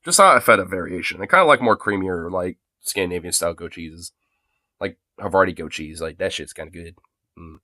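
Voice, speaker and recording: A man's voice: deep voice, brisk, bright, forceful tone, no echo, clean studio sound. A young man streaming from his phone, rambling in casual chat full of filler words and swearing. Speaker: livestreamer.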